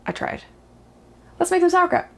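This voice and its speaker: A woman's voice: extremely high pitch, big pitch swings, moderate pace, sharp tone. A woman hosting a casual cooking video from her kitchen, bubbly and joking at her own expense. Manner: bubbly, playful and self-mocking. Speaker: cooking show host. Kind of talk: casual on-camera cooking vlog. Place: home kitchen.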